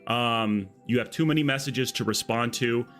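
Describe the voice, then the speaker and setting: A man's voice: mid-range voice, normal speed, fairly bright tone, faint music behind. Chatty male game streamer. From Arizona. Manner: rambling, chatty, peppered with "okay?". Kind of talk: casual live-stream chat.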